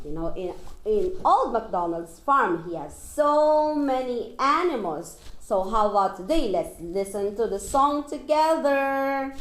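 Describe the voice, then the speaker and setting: A woman with a Taiwanese accent leads a lesson for young children in a high, bright voice, drawing each word out slowly. She mimics animal noises and breaks into song in a sing-song way. Her voice carries the echo of a roomy space. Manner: slow, exaggerated, drawn-out speech with animal sounds and singing. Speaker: children's English teacher.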